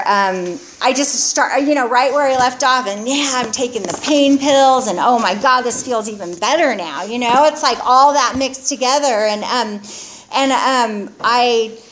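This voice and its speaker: A woman's voice: a little high, a little hiss or hum. Candid middle-aged woman's rambling testimony. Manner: candid, rambling, halting confessional talk. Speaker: recovering alcoholic sharing her story. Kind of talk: personal testimony.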